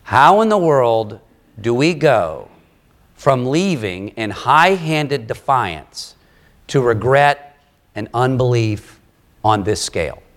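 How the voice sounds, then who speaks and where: A man preaching a sermon, reading scripture and explaining it with lively, conversational asides. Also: mid-range voice, takes it slowly. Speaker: pastor.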